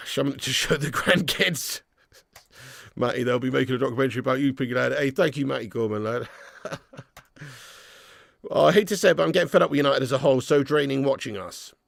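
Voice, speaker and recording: A man hosting a live football watch-along, reading viewers' messages and ranting with lots of swearing, loud one moment and low and glum the next. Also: fairly quick, gravelly, pauses often, dry recording. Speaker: YouTube fan channel host.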